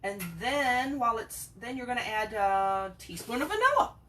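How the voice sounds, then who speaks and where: Speaking at a normal speed in a sing-song, rather high voice, a home cook and channel host chats casually as she prepares food in her kitchen. She laughs frequently and coos at her cats, while loud kitchen sounds of dishes, cutlery and stirring fill the background.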